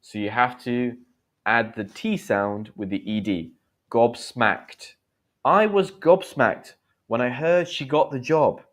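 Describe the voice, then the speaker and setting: A man in his thirties runs a live English lesson on slang. He talks in a chatty way, explaining each word with quick examples and short acted lines, in an even middle voice. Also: mid-range voice. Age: 30s. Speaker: English teacher.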